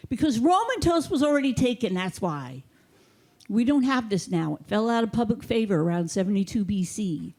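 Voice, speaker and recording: Using a handheld mic on a theater stage, a woman performs a stand-up set with deadpan, mock-authoritative delivery. Her mid-range voice moves at a normal speed.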